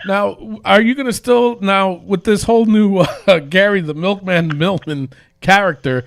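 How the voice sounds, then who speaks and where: A man's voice: high-pitched, fairly even intonation, measured pace, vocal fry, dry recording, studio quality. A man co-hosting a wrestling podcast who asks casual questions and laughs and reacts readily. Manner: laughs easily, reacts with "oh wow". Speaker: podcast co-host. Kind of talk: interview questions, casual chat.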